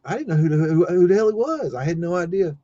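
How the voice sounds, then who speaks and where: A man's voice: high voice, animated, quick pace, mellow, dry recording, muffled recording. A man hosting a livestream, telling a story casually and rambling with many fillers and restarts. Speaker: livestream host.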